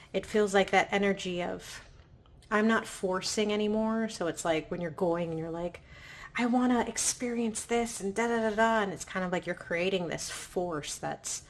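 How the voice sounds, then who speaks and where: Soft-spoken gravelly woman reading tarot. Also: on the low side. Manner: gentle, affirming, often asks "right?". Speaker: tarot reader. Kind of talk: pick-a-pile tarot reading.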